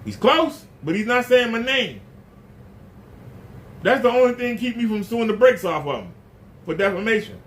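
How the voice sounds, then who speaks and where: Indignant high-voiced man ranting to camera. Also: expressive, normal speed, pauses often, a little hiss or hum. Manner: indignant, repeats points, rhetorical questions. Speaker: YouTube channel host. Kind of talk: casual rant to camera.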